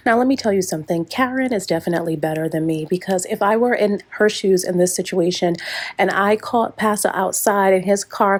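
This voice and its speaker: A woman's voice: on the low side, a little mellow. A woman giving a sassy, opinionated casual recap of a TV episode, reading out lines of dialogue as she goes. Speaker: show recap commentator.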